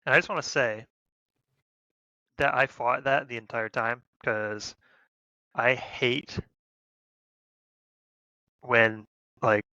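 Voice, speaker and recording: A man's voice: medium pitch, takes it slowly, pauses often, bright, forceful tone, no echo, highs cut off. A man in a casual podcast chat, blunt and emphatic about combat.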